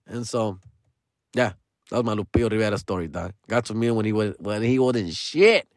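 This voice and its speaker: A man's voice: fairly low pitch, brisk, dry recording, studio quality. A man, telling a rambling personal story in casual slang as a comedian. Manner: slangy, rambling, peppered with "dog" and "fool".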